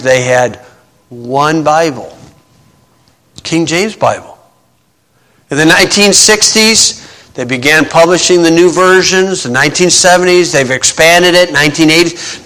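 Man, preacher, sermon, high voice, sarcastic asides, long hall reverb. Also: pushed and bright. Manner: plain-spoken, sarcastic asides, quotes scripture in mock voices.

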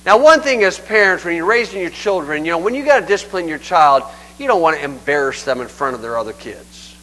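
A man's voice: sits high, big pitch swings, brisk, hardly any pauses, bright, forceful tone, poor audio. An older man preaching a sermon in a folksy, conversational way, acting out scripture quotes.

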